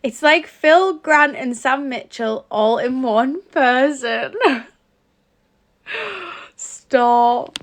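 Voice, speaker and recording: Reading out viewer comments and answering them, a young English livestream host giggles through a casual chat on her phone. She speaks extremely slowly in a high voice, pausing often.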